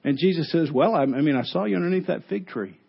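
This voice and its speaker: Animated preacher man, lo-fi sound. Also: fast, creaky, breathy edge. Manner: animated storytelling with quoted voices, dropping low for emphasis. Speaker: pastor. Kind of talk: sermon.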